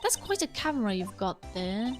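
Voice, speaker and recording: A woman's voice: mid-range voice, big pitch swings, moderate pace, soft background music, lightly acted. A woman reading an earnest young lawyer. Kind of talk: reading game dialogue aloud.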